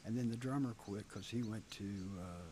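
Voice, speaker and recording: A middle-aged man telling profane, animated stories about his past as a band singer in an interview. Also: fairly low pitch, moderate pace, noisy background. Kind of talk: casual storytelling interview.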